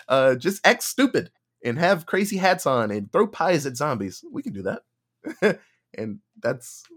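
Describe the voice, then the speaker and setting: Podcast co-host, male, animated storyteller, bouncy intonation, acts out quotes. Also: on the high side, measured pace. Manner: animated retelling with acted-out quotes and laughter. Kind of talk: casual movie review chat.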